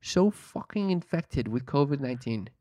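A man's voice: mid-range voice, lively intonation, normal speed, warm tone, dry recording. A man telling a story in casual chat, swearing a lot, exasperated, mimicking other people in mocking voices. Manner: profane, exasperated storytelling with mocking put-on quotes.

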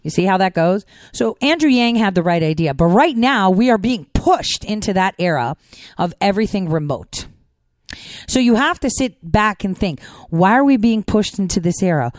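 A woman hosting a political commentary show, talking fast in a chatty, rambling monologue full of fillers. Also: mid-range voice, animated, no echo. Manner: talks fast. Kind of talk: casual monologue.

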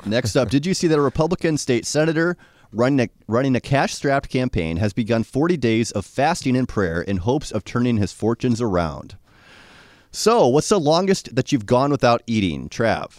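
A man hosting a casual chat show, briskly reading out the next topics. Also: mid-range voice, sing-song, a little mellow, no room sound, clean studio sound. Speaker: podcast host reading topics.

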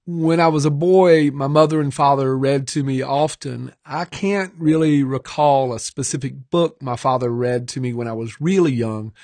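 A man's voice: medium pitch, dry recording. Man, author, dry studio. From Georgia, US South. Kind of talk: recorded author talk. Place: recording studio.

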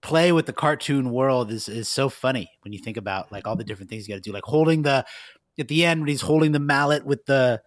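A man co-hosts a podcast, talking fast in an amused, casual way. The close mic sounds dry and direct. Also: medium pitch, no room sound. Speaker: podcast co-host. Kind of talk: casual chat.

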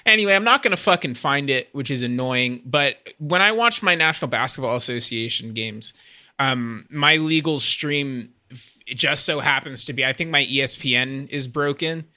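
A man co-hosting a casual podcast, rambling with halting restarts and swearing. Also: medium pitch, pushed and bright. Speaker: podcast co-host. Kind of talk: casual chat.

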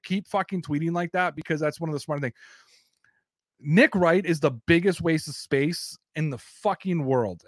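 A man's voice: on the high side, dry recording, studio quality. A Canadian man hosting a casual sports talk show, blunt, profane and opinionated. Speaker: sports podcast host.

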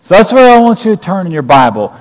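Male preacher, slightly raised pitch, emphatic scripture retelling, long hall reverb. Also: very animated, fast. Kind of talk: sermon.

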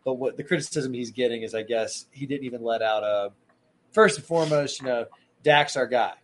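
Brief: male co-host, rambling and jokey, mid-pitched, faint hiss behind. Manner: rambling, jokey, quick restarts. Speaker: podcast co-host. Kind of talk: casual sports chat.

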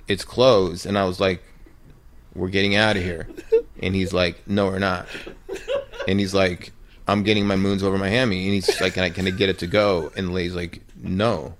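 Casting: lowish male voice, casual podcast storyteller, rambling and chuckling. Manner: rambling, laughing anecdote teller. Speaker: podcast co-host, former ballplayer.

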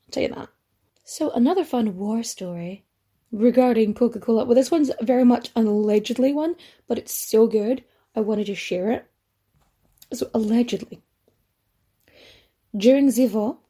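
A woman's voice: a little high, dark tone, husky. A woman hosting a history podcast, telling the story in a chatty, rambling way with casual swearing and asides. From Ireland. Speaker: podcast host.

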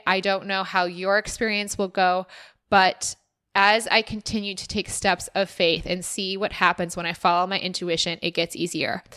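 A woman talks through listener questions on her own podcast. Her voice is bright and clear, with a middling pitch. She sounds earnest and encouraging, and she reflects as she goes. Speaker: podcast host. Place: former resident of Austin.

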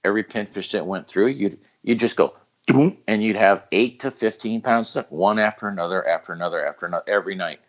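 A low-pitched man tells fishing stories in a casual podcast, animated and quick to laugh. The audio is muffled and lo-fi. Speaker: guest storyteller.

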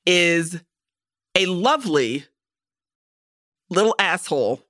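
A woman co-hosting a film podcast, ranting in a lively, profane rush with a voice that swings up and down. Her tone is bright and forward. The sound is close and dry. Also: fairly low pitch, slow pace, no echo. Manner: animated, profane ranting with acted-out quotes. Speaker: podcast co-host. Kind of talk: casual movie-review chat.

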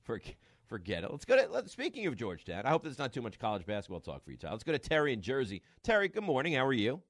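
A middle-aged man hosts a sports radio show with a lively, swooping voice and dry studio sound. He banters casually with his co-host and acts out family stories in quick voices. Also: medium pitch, no echo. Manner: animated storyteller, acts out family quotes. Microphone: studio microphone.

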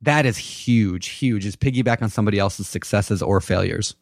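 A man hosting a casual podcast interview, animated and repeating words as he starts his points. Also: fairly low pitch, moderate pace, vocal fry, dry recording, clean studio sound. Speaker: podcast host.

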